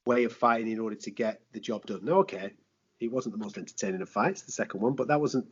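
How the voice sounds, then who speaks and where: A man, a sports presenter, chatting on a podcast in a lively way, with rhetorical questions, slang and swearing. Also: medium pitch, brisk, breathy edge. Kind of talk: casual podcast chat. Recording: dull lo-fi podcast audio.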